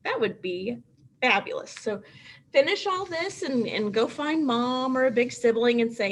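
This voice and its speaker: A middle-aged woman teaching a remote first grade writing lesson at home, in a sing-song, animated way, stretching out letters and sounds. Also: on the high side, moderate pace, slight background noise.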